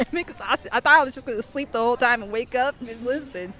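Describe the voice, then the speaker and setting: High-voiced young woman telling a story. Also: quick pace. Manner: animated, full of "like" fillers. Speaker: interviewee. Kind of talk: casual storytelling.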